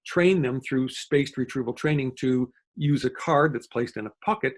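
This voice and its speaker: A man giving an online lecture as a guest speaker, talking quickly and explaining step by step, with frequent fillers and self-corrections. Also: medium pitch. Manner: fast-talking. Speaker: guest lecturer on dementia communication.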